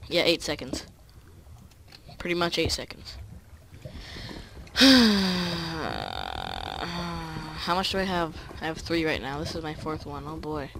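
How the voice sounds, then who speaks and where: A let's play gamer chatting casually and excitably through each move of the game. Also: mid-range voice, moderate pace, a little hiss or hum. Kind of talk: casual gameplay commentary.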